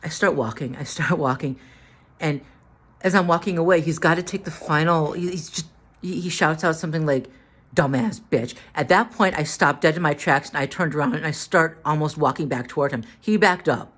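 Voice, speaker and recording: A tired, drained woman telling a story to the camera in a halting way, repeating words and restarting. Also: low-pitched, a bit bright. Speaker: vlogger.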